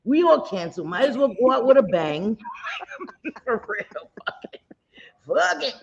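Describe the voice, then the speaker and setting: A woman hosting a casual live-stream chat, playful and quick to laugh. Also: a little high, very animated, vocal fry, slightly rough, lo-fi sound.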